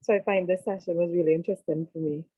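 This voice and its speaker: A Trinidadian woman answers questions as a guest on a group call, shy and plain-spoken. Her voice is low for a woman. It comes through a thin, phone-like line with no room sound. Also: steady tone, very fast, no echo. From Trinidad and Tobago. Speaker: guest participant. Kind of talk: casual video call chat. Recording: dry tinny video call audio.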